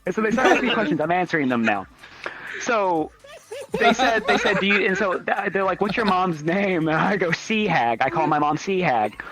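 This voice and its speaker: A young man telling a story in casual chat, animated and swearing freely as he acts out the people in it. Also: sits high, fairly quick, loud music behind the voice, rough recording.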